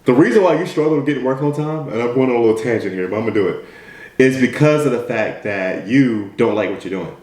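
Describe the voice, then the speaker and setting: A man's voice: mid-range voice, animated, fast talker, a little mellow. A man from the United States giving a direct, repetitive motivational talk as a mentor. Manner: direct, repetitive, keeps asking "right?". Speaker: motivational speaker. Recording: roomy echo.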